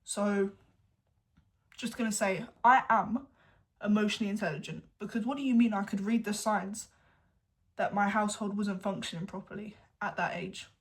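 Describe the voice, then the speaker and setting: A woman's voice: mid-range voice, steady tone, moderate pace. Chatty young English woman vlogging. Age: late teens. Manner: candid and chatty, at times drops to a hushed whisper. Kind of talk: casual chat to camera.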